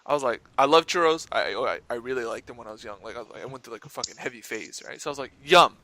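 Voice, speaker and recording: A man's voice: medium pitch, lively intonation, very fast, bright, forceful tone. A young man co-hosting a podcast, telling stories in rambling casual chat and swearing freely. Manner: rambling storyteller, swears a lot, frequent "like" and "right?". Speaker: podcast co-host.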